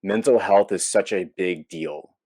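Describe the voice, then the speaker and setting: A man's voice: low voice, measured pace, a little mellow, husky, no room sound. A man hosting a podcast, asking rambling, self-correcting questions in casual chat. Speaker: podcast host.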